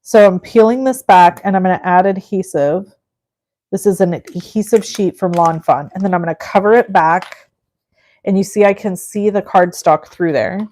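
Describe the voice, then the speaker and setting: A woman's voice: on the low side, normal speed, darkish tone. A middle-aged woman hosting a live crafting stream, chatting with viewers in a gushing, effusive way as she works. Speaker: crafting livestream host.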